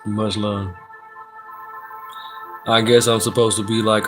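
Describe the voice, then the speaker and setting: A man's voice: fairly low pitch, flat delivery, slow pace, long pauses, music in the background. A man hosting a casual livestream, reading viewers' comments aloud in a laid-back, joking, slangy way. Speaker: livestream host doing personal readings.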